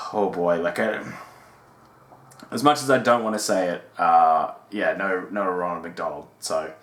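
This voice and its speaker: A man's voice: low voice, a little slow, fairly bright tone. A man, hosting a podcast and chatting casually in reaction to old commercials. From Australia. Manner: chatty, laughing, filler-heavy. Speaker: podcast host. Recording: echoey room.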